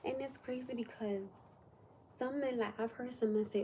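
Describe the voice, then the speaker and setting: Chatty woman with a mellow voice. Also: a little high, normal speed, slight background noise. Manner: animated, drops to whispers for emphasis. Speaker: livestream host. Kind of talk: casual livestream chat.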